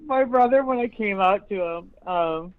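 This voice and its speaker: Over dull, dry lo-fi podcast audio, a medium-pitched woman speaking at normal speed swaps stories in a relaxed interview. She's from upstate New York, profane and blunt, breaking into laughter mid-tale; she's labeled both an interview guest and a radio host.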